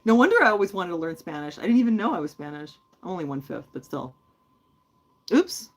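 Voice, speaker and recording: Racing along in an animated voice on the low side, this livestream host chats and rambles as she responds to viewers. She leans heavily on filler words throughout.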